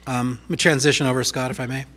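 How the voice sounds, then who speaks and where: A man speaking as pastor in a church, sharing memories softly and reflectively, with many fillers. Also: medium pitch, level tone, racing. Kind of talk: eulogy-style sharing from the pulpit. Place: church sanctuary. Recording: live church stream with music behind. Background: guitar playing.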